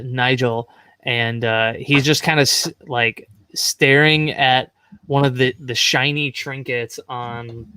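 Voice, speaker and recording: Smooth-voiced male tabletop player. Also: mid-range voice, a bit bright, dry recording. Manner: easygoing, describing his character. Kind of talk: tabletop role-play.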